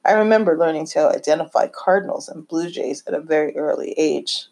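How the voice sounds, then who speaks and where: A woman reading her family memoir aloud, reminiscing in a gentle, unhurried way. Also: deep voice. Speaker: narrator.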